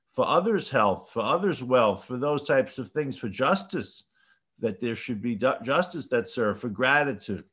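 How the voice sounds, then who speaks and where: A man giving a Torah class, reading sources aloud and translating them emphatic, animated delivery. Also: medium pitch. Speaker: rabbi teaching a class.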